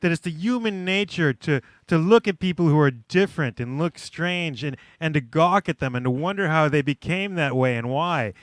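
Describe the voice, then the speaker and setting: Sarcastic high-voiced male co-host. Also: moderate pace, hardly any pauses, no room sound. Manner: sarcastic, mock-preachy. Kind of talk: casual comedy podcast chat.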